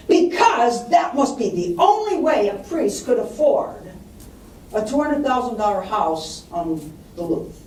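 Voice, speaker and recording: A woman's voice: on the high side, sing-song, measured pace, darkish tone, a little hiss or hum. A woman giving a public talk on estate planning, telling client stories and acting out the voices of the people in them. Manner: storytelling, acts out quoted voices. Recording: distant mic in roomy hall, faint ambience.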